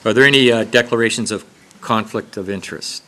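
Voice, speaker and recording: Low-voiced man chairing a meeting. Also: a bit bright, slight background noise. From Canada. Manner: informal, halting, with many fillers. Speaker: council chair.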